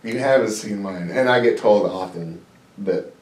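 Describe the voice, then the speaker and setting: A man's voice: lowish voice, moderate pace. A man hosting a podcast, chatting casually and joking, rambling and self-deprecating. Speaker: podcast host. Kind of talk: casual interview. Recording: echoey room, mic at a distance.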